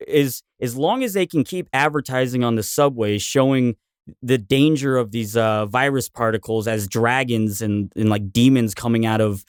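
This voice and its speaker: A man's voice: medium pitch, normal speed, clear, resonant tone, no room sound, clean studio sound. A man who is a podcast guest, telling a rambling story in casual chat.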